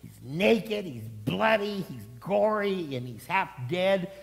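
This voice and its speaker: A preacher voicing a haughty priest who sneers in a self-righteous way. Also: male voice, mid-range voice, animated, moderate pace, darkish tone, soft background music, pitched below the performer's own voice, natural voice. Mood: disdainful. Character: haughty, disdainful male priest. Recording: long hall reverb.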